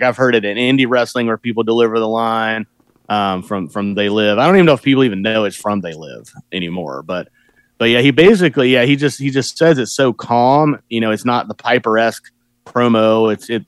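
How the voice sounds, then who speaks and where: A man's voice: mid-range voice, clean tone, dry recording. A man chatting casually about a film, adding enthusiastic side comments. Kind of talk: casual movie discussion chat.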